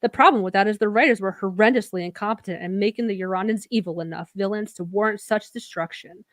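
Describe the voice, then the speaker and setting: A woman's voice: medium pitch, fast, no echo, close to an everyday voice. A woman voicing a scornful internet troll reviewer, reading in a sneering, theatrical way.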